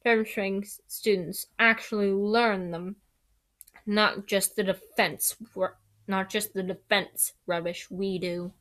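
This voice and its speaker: Slow-drawling snob of a teenage boy, played by a woman. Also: medium pitch, steady tone, a bit bright. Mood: sneering. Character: sneering snobbish teenage boy.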